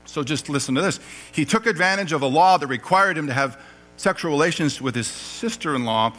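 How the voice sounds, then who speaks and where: A man preaching a sermon in a church, animated and joking, laughing at his own lines as he reads the passage aloud. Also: mid-range voice, low-quality recording. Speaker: pastor.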